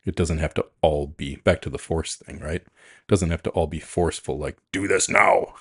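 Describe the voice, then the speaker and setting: A man with a very deep, husky voice speaks in a calm, frank and reflective way in a relaxed podcast chat. The sound is dry and close, with no room around it. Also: moderate pace, no room sound. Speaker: podcast co-host, coach. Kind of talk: casual chat.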